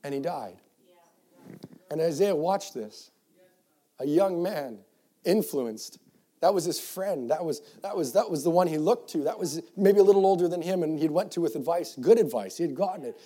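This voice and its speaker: A man preaching with a somewhat high yet mellow, dark-toned voice. He reads scripture in old-fashioned wording and swings between hushed reflection and loud, fervent calls. He often restarts his phrases as he goes. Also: expressive, normal speed, husky. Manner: builds from quiet reflective passages to loud fervent exhortation. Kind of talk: sermon to young people.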